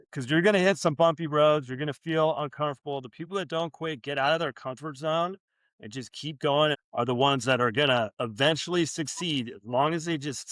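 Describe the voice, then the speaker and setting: A man's voice: on the high side, fairly bright tone, dry recording, studio quality. A man hosting a podcast, chatting casually and making easygoing, encouraging remarks. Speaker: podcast host. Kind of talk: casual interview chat.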